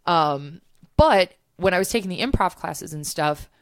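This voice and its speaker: A woman's voice: on the low side, lively intonation, moderate pace, smooth, no echo, clean studio sound. A woman guest on a podcast, telling stories in casual chat, with many "um"s and "like"s. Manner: chatty storyteller with many "um"s and "like"s.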